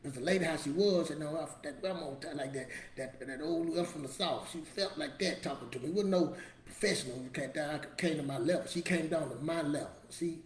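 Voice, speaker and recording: This middle-aged motivational show host has a slightly high voice and a brisk pace, barely pausing at all. He talks in an easygoing yet forceful way, hammering his points home repeatedly like a folksy preacher. There's a roomy echo on the recording, along with faint background ambience.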